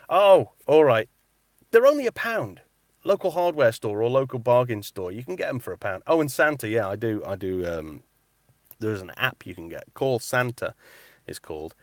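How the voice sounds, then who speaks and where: Speaking at normal speed in a mid-range voice, a man reads out live stream comments from the cupboard that serves as his recording booth. The sound is dry and clean, like a studio. He makes metal-detecting vlogs and does voice work, and his casual delivery is chatty, animated and repetitive.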